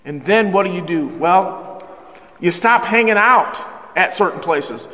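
Middle-aged male pastor, high voice, emphatic and joking, echoing church hall. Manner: energetic, humorous, emphatic preaching, slowing down for scripture. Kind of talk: sermon.

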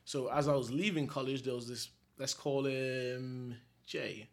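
A man's voice: mid-range voice, steady tone, a little slow. A young adult man from England, a guest telling a story in a casual, slangy, laid-back way and laughing often.

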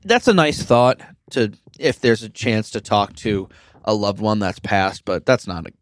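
A man co-hosting a podcast, chatting about a film in a relaxed, hesitant way, with lots of "um" and "like". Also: lowish voice, a little slow. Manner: relaxed, hesitant, with many fillers and likes. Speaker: podcast co-host. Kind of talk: casual movie review chat.

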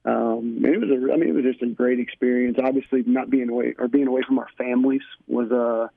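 A young man, a college basketball coach, calling in as a radio guest and telling stories in a relaxed, chatty way. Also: medium pitch, fast talker, vocal fry, dry recording. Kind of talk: phone-in radio interview. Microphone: phone. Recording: tinny dry phone line.

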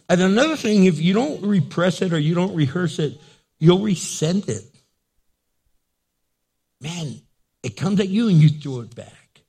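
A man preaching a sermon as pastor, acting out quick dialogues and reading scripture aloud. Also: on the high side. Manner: animated, acts out little dialogues for laughs.

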